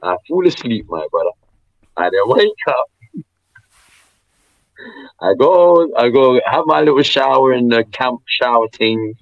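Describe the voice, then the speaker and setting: A young man, telling animated, slang-heavy stories as co-host of a casual football podcast. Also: medium pitch, unhurried, gravelly, pauses often, dry recording, dull audio.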